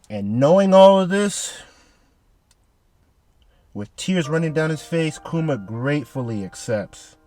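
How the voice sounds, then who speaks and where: A man casually recapping a manga chapter with heavy profanity and slang, excitable and animated. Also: on the high side, measured pace, long pauses, no room sound.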